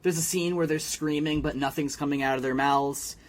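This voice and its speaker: A man's voice: fairly high pitch, steady tone, brisk. A man co-hosting a podcast, casually recapping a cartoon episode and acting out the characters' lines in an exaggerated way, with plenty of swearing. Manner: recaps scenes with exaggerated quoted voices, profane. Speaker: podcast co-host.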